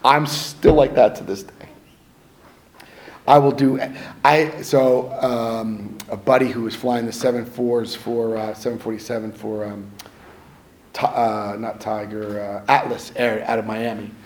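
With a steady tone and a slightly slow pace, a middle-aged man in a mid-range voice shares stories conversationally, joking at his own expense and acting out quotes. The low-quality recording carries a little hiss or hum.

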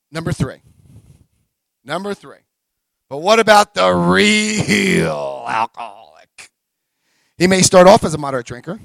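This gravelly voice belongs to a man in his forties giving a live talk to a large audience, and its tone is fairly bright. He recounts his personal recovery with gusto, voicing the characters and letting out whoops at the peaks. There's no echo.

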